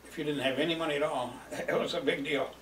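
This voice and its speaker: A man's voice: on the high side, steady tone, quick pace, a bit bright, a little hiss or hum. An older man telling memories from his youth in a rambling, chuckling way, with many fillers. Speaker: storyteller. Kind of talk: reminiscing oral history. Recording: roomy, distant mic, faint ambience.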